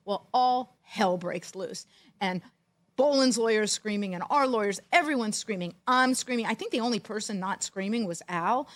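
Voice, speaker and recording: A middle-aged woman co-hosting a sports talk show, telling a long story in a wry, animated way. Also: medium pitch, moderate pace. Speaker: podcast co-host, former football executive. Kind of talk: storytelling in casual chat.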